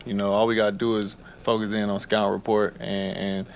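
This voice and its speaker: A young male college basketball player answers interview questions in a flat, filler-heavy way. His voice is gravelly and fairly low. Faint room noise sits behind him. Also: brisk. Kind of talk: interview soundbite.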